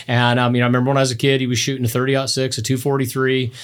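A middle-aged man telling hunting stories on a podcast in casual chat, his voice jumping up high when he gets excited. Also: rapid-fire. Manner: animated storyteller, voice jumps high when excited. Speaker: podcast guest.

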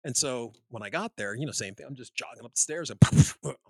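A man on a podcast telling a long anecdote in casual chat, rambling and animated, full of restarts and "you know". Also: mid-range voice, fairly quick, creaky, dry recording. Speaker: podcast host.

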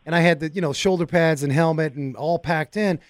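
A man hosting a car talk radio show, chatting in a folksy, excitable way and speaking straight to his listeners from a studio mic. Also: on the high side, fairly quick, no room sound.

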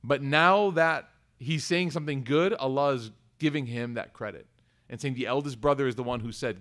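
Lively man teaching a religious class. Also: on the high side, fairly quick. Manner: conversational, acts out quoted voices, asks the audience. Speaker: Islamic teacher. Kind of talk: lecture on scripture.

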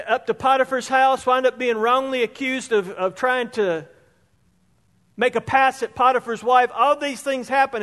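High-voiced preacher in a reverberant hall. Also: male voice, a bit bright. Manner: emphatic, piles up repeated words for stress. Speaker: pastor. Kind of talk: sermon.

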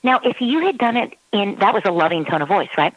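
A woman speaks as a parenting expert at a middle pitch, talking in a relaxed advice style. Her recording is close and dry, with no room around it. When she quotes her child, she acts out the child's voice. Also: fast, no echo, dull audio. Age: adult parent. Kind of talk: casual advice talk.

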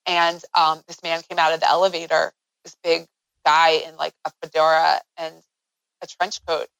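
A woman guest in an interview, telling a personal story in an earnest way that grows animated as she recounts events. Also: deep voice, normal speed, creaky, clear, resonant tone, no echo, rough recording.

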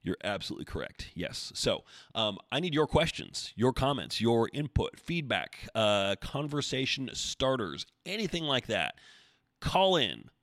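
A man's voice: mid-range voice, big pitch swings, measured pace, fairly bright tone, no room sound, studio quality. A man hosting his own podcast alone, chatting in a rambling, jokey, self-deprecating way. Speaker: podcast host. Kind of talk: casual solo podcast talk.

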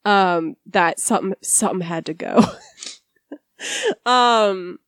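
A woman in her thirties hosts a podcast, speaking slowly in a fairly low voice as she chats casually and reads the show outro with a bit of apology. She's wry and laughs often, and the recording is dry and studio quality.

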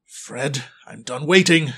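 A man voicing a stern male school principal who gives slow, grave, commanding orders to children. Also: a little high, pushed and bright, slightly rough, full character voice. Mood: resolute.

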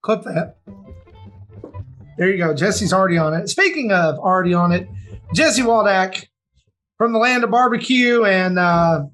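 A man's voice: high-pitched, a little slow, long pauses, a bit bright, faint music behind. A man from the Southern United States hosting a podcast, loose and rambling in casual banter. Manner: loose, rambling, friendly with fillers. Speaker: podcast host.

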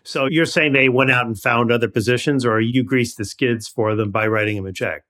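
A man's voice: mid-range voice, steady tone, brisk, a bit bright. A man hosting an interview, asking probing questions and playing out scenarios. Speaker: interview host.

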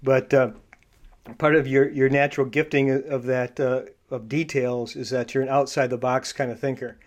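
A male podcast host walks through personality traits in a coaching tone during a casual interview. His speech is halting, full of fillers and restarts. His voice is mid-range with little movement in pitch.

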